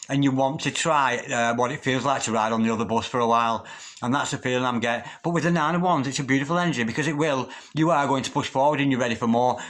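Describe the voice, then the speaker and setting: A man's voice: medium pitch, fairly bright tone. Chatty man giving a tarot reading. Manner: chatty, calls on spirit guides between readings. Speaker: tarot reader. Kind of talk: casual tarot card reading.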